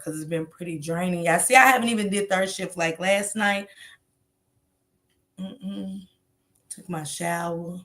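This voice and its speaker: A woman streaming live to her viewers, with a sharp, bright tone and a gravelly fry running under her words. Her talk is loose, slangy and salty, with plenty of swearing and laughter as she reads out her chat and answers it. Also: on the low side. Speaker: livestream host. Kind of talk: casual livestream chat, reading comments aloud.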